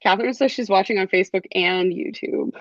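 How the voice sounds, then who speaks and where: A woman's voice: medium pitch, a little fast, no echo, highs cut off. A young adult woman teaching a live beading class, chatty, with frequent ums and laughs. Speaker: jewelry class instructor. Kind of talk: live online craft class.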